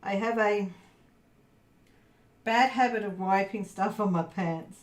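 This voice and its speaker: Speaking slowly at a medium pitch, a woman talks casually to her livestream audience while crafting, muttering to herself along the way. The recording has an echoey quality and some faint noise behind her.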